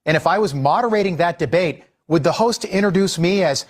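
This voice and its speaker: A man's voice: high voice, brisk, hardly any pauses. A man giving exasperated opinion commentary as a news commentator. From Irish heritage. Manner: exasperated, scolding.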